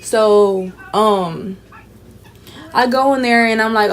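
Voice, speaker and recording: A young woman from Houston, Texas, vlogs while taking down her braids, casually telling a story full of swearing and acting out the people in it. Her voice is medium-pitched and slow, with a little background hiss or hum.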